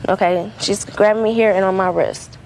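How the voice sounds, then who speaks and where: A woman testifying as a defendant in a courtroom. She rambles through her account, padding it with fillers and restarts, and her voice sits at an ordinary pitch over faint room noise. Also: fairly even intonation, normal speed, darkish tone, low-quality recording.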